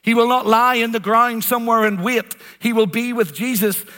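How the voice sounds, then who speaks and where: A man's voice: very high voice, fairly even intonation, moderate pace, sharp tone. A man preaching a sermon, earnest and emphatic, repeating phrases for weight. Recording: long hall reverb.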